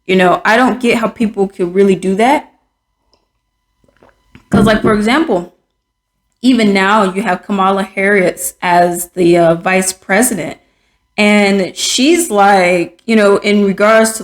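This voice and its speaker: A woman's voice: mid-range voice, steady tone, a little slow. A woman hosting a podcast, speaking frankly and with exasperation in casual commentary, with many fillers and restarts. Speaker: podcast host. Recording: echoey room.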